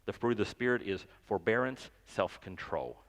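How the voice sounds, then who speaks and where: A man's voice: on the low side, expressive, normal speed, in a large hall. A pastor giving a sermon in a conversational, joking way, often repeating words as he goes. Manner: conversational, self-deprecating, stammers and repeats words. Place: church sanctuary.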